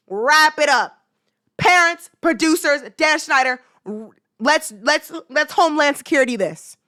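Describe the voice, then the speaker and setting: A woman's voice: high-pitched, fairly bright tone, dry recording, clean studio sound. A young woman hosting a casual talk show, talking in a heated, emphatic way with slang and lots of repetition. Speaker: podcast host. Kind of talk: casual commentary.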